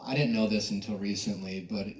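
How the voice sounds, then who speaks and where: A man's voice: on the low side, a little fast. A man moderating a panel discussion, enthusiastic about the show as he asks his questions. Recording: echoey hall with faint noise.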